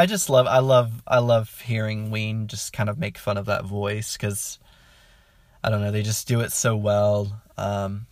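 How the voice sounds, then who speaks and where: A man's voice: lowish voice, no room sound, clean studio sound. A man giving a casual, enthusiastic album review, rambling with many "um"s and chuckling mid-sentence. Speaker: music reviewer.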